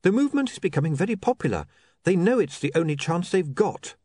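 A man reading an audiobook voices a brisk, sensible young woman who speaks in a quick, matter-of-fact way. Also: sits high, sing-song, a little mellow, dry recording, voice pushed up. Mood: explaining.

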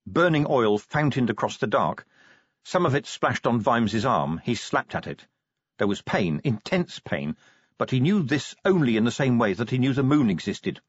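Brief: expressive male audiobook narrator, animated delivery, slightly husky, muffled dry sound. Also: mid-range voice, moderate pace, no echo. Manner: expressive, dramatic storytelling. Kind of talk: scripted fantasy narration.

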